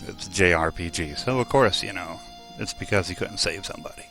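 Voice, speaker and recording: A man's voice: low voice, a little fast, vocal fry, sharp tone, faint music behind. A young man casually commenting on his role-playing video game session, rambling and joking at his own expense, recorded on a desk mic at home. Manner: joking, rambling, laughs at himself. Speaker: let's play host.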